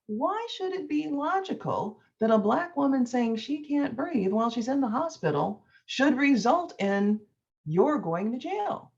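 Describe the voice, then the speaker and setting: A woman's voice: a little high, sing-song, measured pace, vocal fry, darkish tone, highs cut off. A woman law professor giving an impassioned lecture, telling a story with rising emphasis.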